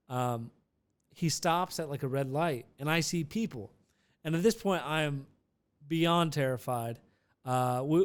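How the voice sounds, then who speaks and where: Smooth-voiced young man telling a story. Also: on the high side. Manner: rambling and animated, with frequent restarts and swearing. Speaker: podcast host. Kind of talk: casual storytelling.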